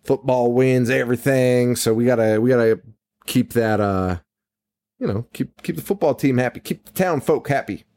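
A man's voice: mid-range voice, moderate pace. Young guy on a podcast recapping a movie, swearing, laughing, acting out the scenes. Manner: animated, profane, laughs often, acts out quotes. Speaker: podcast co-host. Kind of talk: casual movie recap chat.

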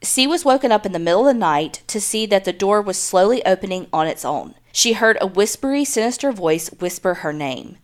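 A woman's voice: medium pitch, expressive, fairly quick, few pauses. Woman podcast host, blunt and jokey. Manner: blunt and jokey, swears casually. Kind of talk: reading a listener's story aloud, then casual chat.

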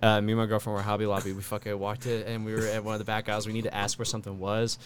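A man co-hosting a podcast, telling a story in casual chat, animated, with many restarts. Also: lowish voice, very fast, a little hiss or hum. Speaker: podcast co-host.

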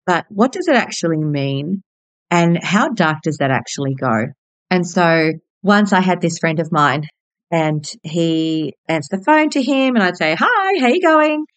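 A woman's voice: sits low, animated, measured pace, no room sound. An Australian woman in her forties, a hairdresser hosting her own podcast, telling personal stories in a bubbly, candid way with casual swearing. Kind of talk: personal storytelling monologue.

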